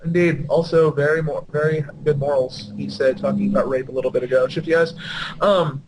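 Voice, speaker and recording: A woman's voice: low-pitched, steady tone, a little fast, a little mellow, a little hiss or hum, rough recording. A young woman reading fan fiction aloud and mocking it with exasperated, sarcastic asides, tripping over typos. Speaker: fan fiction reader and commentator. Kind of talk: mocking dramatic reading with commentary.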